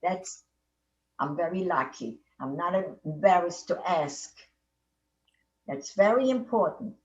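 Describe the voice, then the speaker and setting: An elderly woman in her eighties, a Holocaust survivor, recounts her life for an oral history, speaking slowly and expressively in a lowish voice with a foreign accent in English. Her telling wanders and repeats, looping back and restarting sentences, and the audio sounds dull, echoey and far off.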